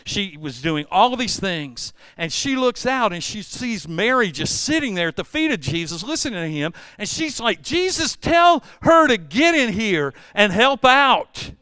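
A pastor delivers his sermon with a fairly high, sharp voice, recorded dry and close. He tells stories with playful asides and swings from loud outbursts to quiet, hushed passages. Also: clean tone, no echo. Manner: energetic storytelling, jumps between loud and hushed; playful asides and self-deprecating humor.

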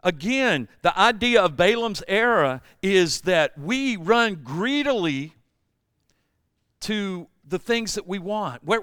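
Man, pastor, sermon, animated, conversational, bright tone, dry close sound. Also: high voice, takes it slowly, clear, resonant tone, dry recording. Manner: conversational and animated, acts out quotes.

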